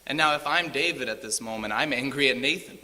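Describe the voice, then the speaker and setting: A man's voice: medium pitch, quick pace, bright, forceful tone, big-room sound. A man preaching a sermon in a church, retelling a scripture story with rising emphasis.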